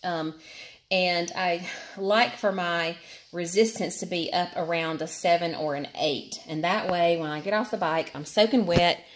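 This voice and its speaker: Lady vlogging on her exercise bike, kinda breathless, lowish voice, lots of ums. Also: a little slow. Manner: chatty, candid, many fillers. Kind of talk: casual talk to camera while cycling.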